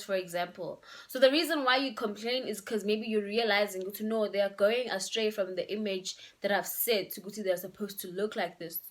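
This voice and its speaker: This is a young female vlogger from Eswatini, casually and emphatically dishing out relationship advice with some local words mixed in. Her voice is mid-range and a touch bright.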